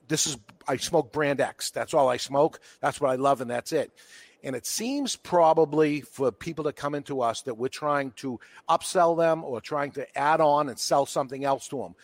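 A Boston cigar retailer with a slightly high voice talks casually on a podcast. He's an animated storyteller who acts out the quotes in his stories, and the recording has no room sound.

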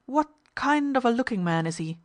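An urbane, fussy ship's purser, as a woman puts him on while reading, smooth and formal with his passengers. The voice rides a touch high and the recording is dry and close. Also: lively intonation, normal speed, no room sound, close to an everyday voice. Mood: brisk. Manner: polite, formal, often says sir.

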